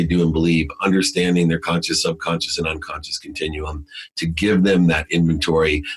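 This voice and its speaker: A man's voice: very deep voice, slightly rough. A middle-aged man telling his life story in an emphatic, motivational way, in short punchy phrases. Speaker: guest.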